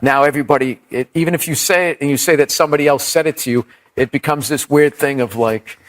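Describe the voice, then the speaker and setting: Male comic, casual chat, swears a lot, rambles, voice sits a bit high. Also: fast talker. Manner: profane, rambling storyteller with quoted voices. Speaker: comedian. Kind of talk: casual storytelling on a podcast.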